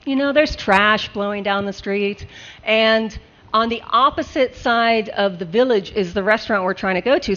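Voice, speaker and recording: A woman with a slightly high voice tells a comic story on a live show. She is animated and laughs often. The recording sounds dull and lo-fi, with faint hiss.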